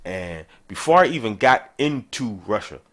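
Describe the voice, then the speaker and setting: Animated male podcast host telling stories. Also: moderate pace. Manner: animated, conversational, jumps in pitch for emphasis. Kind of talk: casual storytelling.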